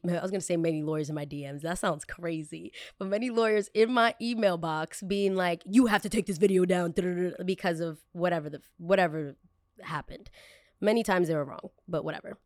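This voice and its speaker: Young woman podcast host, lowish voice, dry close sound, blunt and animated storytelling. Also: no room sound. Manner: emphatic, animated, acts out quoted dialogue; blunt, self-aware.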